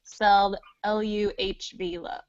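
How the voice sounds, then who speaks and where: A woman's voice: medium pitch, monotone, unhurried, clean tone, lo-fi sound. A woman chatting casually, cheerful and giggly. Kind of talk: casual group chat.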